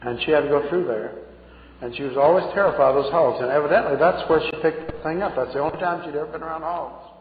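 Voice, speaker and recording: Folksy preacher in an echoey hall. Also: male voice, fairly high pitch, fast talker. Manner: folksy, chuckling storyteller. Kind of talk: folksy sermon storytelling. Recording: phone-like echoey hall recording.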